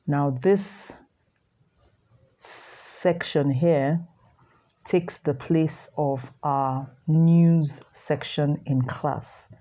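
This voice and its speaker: Woman, teacher, online class from home, slow and measured, mellow dark tone, dull lo-fi sound. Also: low voice, steady tone. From Nigeria. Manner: measured, repeats key words for students.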